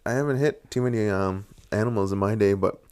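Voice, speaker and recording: A young man in casual podcast chat who agrees constantly and tells animated stories, acting out his own exclamations. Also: fairly low pitch, fairly quick, clean tone.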